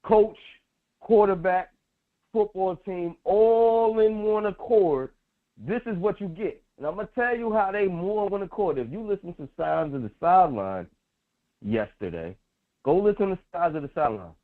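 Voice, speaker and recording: A man co-hosting a sports talk show, loud and emphatic, repeating phrases for effect. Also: high-pitched, animated, moderate pace. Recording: tinny phone-like audio.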